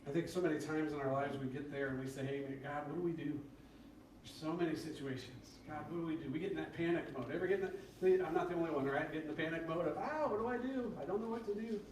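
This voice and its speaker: A man preaching a conversational sermon, acting out prayers and complaints in a lively, rising voice. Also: fast talker, slight background noise. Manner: conversational, acts out prayers with rising excited pitch. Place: church sanctuary. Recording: very echoey church from far off.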